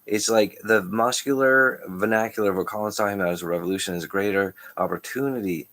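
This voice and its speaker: A man talking in a loose, rambling monologue, jumping between ideas with restarts and quick chuckles. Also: on the low side, fairly bright tone. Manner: stream-of-consciousness, restarts, frequent chuckles. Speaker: channel host.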